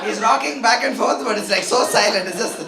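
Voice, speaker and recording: A man's voice: high voice, brisk, gravelly. A young man performing a stand-up comedy set, chatty and self-mocking, often talking straight to the crowd. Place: comedy club stage with a live audience. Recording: live club with loud crowd laughter. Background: audience laughter.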